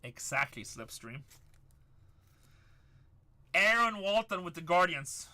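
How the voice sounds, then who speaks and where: Hyped high bright-voiced card break host. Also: male voice, big pitch swings, takes it slowly. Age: middle-aged. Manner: hyped, shouts up to the chat, repeats lines. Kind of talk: livestream card break chat.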